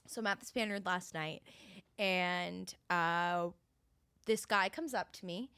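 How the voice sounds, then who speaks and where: A woman's voice: lowish voice, takes it slowly, clean tone, no room sound. A young woman from Philadelphia in her twenties, co-hosting a podcast and telling a story in casual chat, acting out both sides of a conversation. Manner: animated storytelling with quoted voices. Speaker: podcast co-host.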